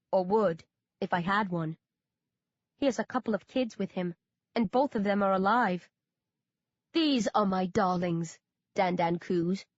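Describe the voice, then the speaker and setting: A woman's voice: mid-range voice, no room sound. Woman narrating, dull dry sound. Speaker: audiobook narrator. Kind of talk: first-person audiobook narration.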